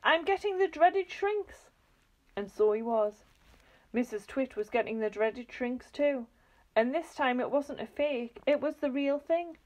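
A woman reading a children's book aloud in a lively, expressive storytelling manner. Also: on the high side, measured pace, rough recording.

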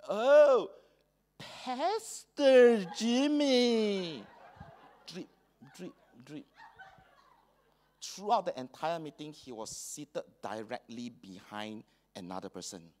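A man with a Singaporean English accent preaching a sermon in a church hall, slipping colloquial local phrases into his talk. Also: medium pitch. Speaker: pastor.

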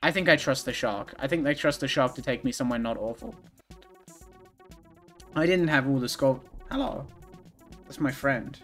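A man streaming himself playing a video game, reacting out loud and swinging from low mumbles to sudden outbursts with lots of swearing. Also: moderate pace, pauses often, soft background music. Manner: excitable, profane, swings from mumbling to yelling. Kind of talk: live gaming commentary.

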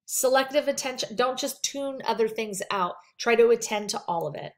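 A woman's voice: on the high side, moderate pace. A woman teaching a counseling skills lecture, reading points off slides and adding casual asides from her practice. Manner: conversational, talks through slides with asides. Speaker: counseling instructor.

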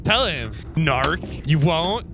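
A man's voice: on the high side, animated, takes it slowly, pushed and bright, soft background music, low-quality recording. A man teasing other players in casual game voice chat, brash and sarcastic. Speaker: YouTuber roleplaying in an online game.

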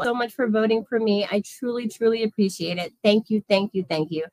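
A woman's voice: medium pitch, brisk, few pauses, a little mellow, dry recording. A woman in her thirties hosting a casual livestream, effusively thanking viewers by name. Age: 30s. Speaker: livestream host.

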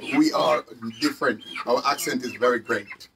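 A man's voice: medium pitch, normal speed, vocal fry, background noise. A Jamaican man hosting a live stream to sell chickens, talking casually in patois and repeating his phrases.

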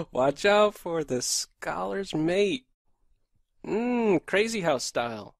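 A middle-aged man giving live chess stream commentary, excitable, talking to himself and breaking into frequent laughter. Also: high-pitched, creaky.

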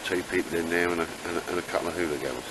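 Guy, low voice, banter-heavy camping vlog chat outdoors. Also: racing, noisy background. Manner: chatty, banter-heavy, British slang. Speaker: camping vlogger. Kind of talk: casual chat while camping. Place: campsite outdoors. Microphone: handheld camera.

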